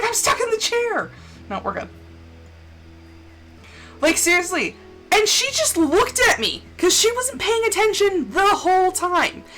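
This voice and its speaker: A woman streamer tells a story in a high, bright voice that swings widely up and down. She rants with indignation and swears freely. Soft music plays quietly behind her. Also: low-quality recording. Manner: animated, swears a lot, indignant ranting. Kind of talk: casual storytelling while gaming.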